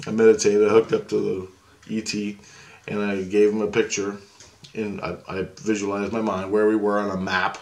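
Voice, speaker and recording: A man's voice: on the low side, flat delivery, normal speed. A middle-aged man telling a personal story in a loose, rambling, chatty way, with slang and swearing. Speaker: storyteller recounting a past experience.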